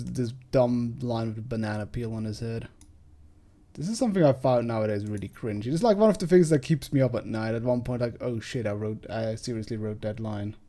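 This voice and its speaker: Casting: a laid-back man doing casual gameplay commentary, with a mellow, slightly throaty tone. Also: medium pitch. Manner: chatty, rambling, self-deprecating. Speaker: let's play host.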